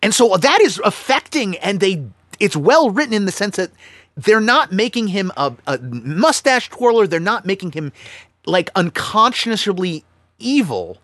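A man co-hosting a casual film-review chat, talking animatedly with quick restarts and acting out characters' lines. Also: high-pitched, sing-song, a bit bright, no echo, clean studio sound. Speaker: podcast co-host.

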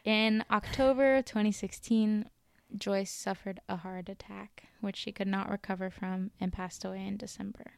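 A woman co-hosting a casual podcast, telling a story with chatty, giggly asides and frequent apologies. Her voice has a gravelly fry but stays smooth and clear underneath. The sound is close and dry. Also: mid-range voice, fairly even intonation, moderate pace, hardly any pauses, a little mellow, dry recording. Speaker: podcast co-host.

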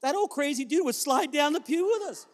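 In a church sanctuary, a male pastor with a very high-pitched voice preaches a sermon, speaking fairly quickly with lively intonation. He tells stories, then fervently exhorts the congregation to praise. The recording carries the reverb of a church hall.

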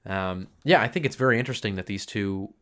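Low-voiced thoughtful man. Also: fast, a bit bright. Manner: thoughtful, hesitant, many ums. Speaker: podcast co-host. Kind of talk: casual film podcast chat.

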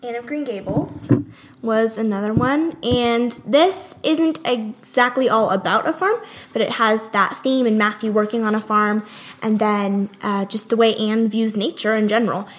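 A woman's voice: fairly high pitch, fairly even intonation, normal speed. A young woman talking casually in a conversation, chatty and laughing easily. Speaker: guest.

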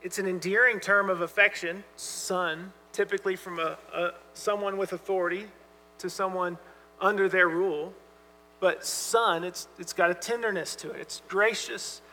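Pastor, male, bright high voice, earnest emphatic sermon delivery, long hall reverb and mains hum. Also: fairly even intonation, moderate pace. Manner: earnest, emphatic preaching with soft asides.

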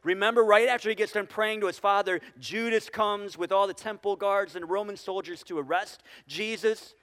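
High-voiced preacher in a reverberant church. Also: male voice, steady tone, normal speed, fairly bright tone, clean tone. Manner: conversational, with frequent restarts and tag questions. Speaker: pastor. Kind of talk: sermon. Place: church sanctuary with congregation.

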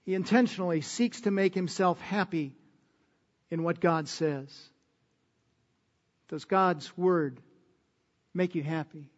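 A man preaching a sermon, moving between loud emphatic peaks and soft, low endings. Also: slow, pauses often, big-room sound, dull audio.

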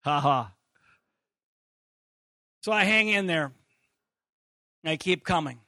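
A male pastor tells a personal story from the pulpit with a high, bright voice. He takes his time over the words, then breaks into laughter and shouts. The sound is close and dry. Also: slow pace, no room sound. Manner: animated, laughing, bursts into shouts. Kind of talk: sermon storytelling.

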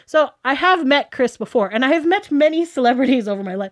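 A woman from the Toronto area, talking in a casual, gushing way that is packed with "like" and acted-out quotes. Her voice sits a little high. She tells her story to an interviewer. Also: expressive, quick pace. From Toronto area, Canada. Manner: chatty, gushing, full of "like" and quoted dialogue. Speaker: guest.

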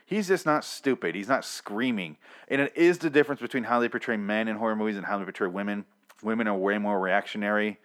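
A man's voice: lowish voice, quick pace, a bit bright. A man casually recapping a TV episode in a rambling rant. He is sarcastic and swears heavily. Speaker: show recap commentator.

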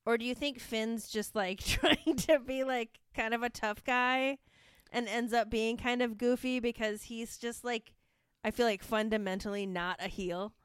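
A woman's voice: a little high, steady tone, a little slow, clear, resonant tone, no room sound, studio quality. A woman co-hosting a podcast, chatting casually and enthusiastically about wrestling with lots of fillers. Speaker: podcast co-host. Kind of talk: casual chat recapping wrestling.

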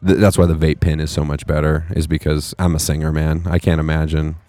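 A man's voice: a bass voice, flat delivery, fairly quick, mellow, dry recording. A man in his thirties co-hosting a podcast, chatting loosely and cussing freely. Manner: loose, profane, rambling. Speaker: podcast co-host. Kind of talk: casual chat. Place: local market at an art college.

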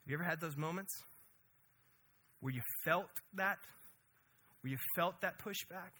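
Man, pastor, conversational sermon, high-pitched, very bright voice. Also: normal speed, slight background noise. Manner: energetic, conversational preaching with frequent "right?".

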